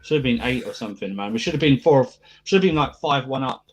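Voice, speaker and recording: Husky-voiced measured man. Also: medium pitch, lively intonation. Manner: measured, hedging, thoughtful. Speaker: podcast co-host. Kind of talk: casual football chat.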